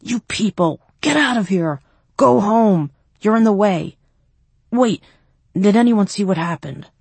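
A woman reading the lines of a gruff, battered male soldier who barks orders. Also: rumbling low, big pitch swings, normal speed, a little mellow, no room sound, heavily acted. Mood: commanding. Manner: barking orders.

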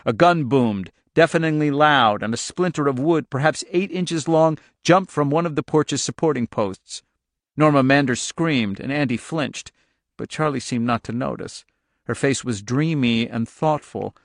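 A man reading a suspense novel aloud in steady, measured audiobook narration. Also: mid-range voice, dry recording, studio quality. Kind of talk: scripted narration.

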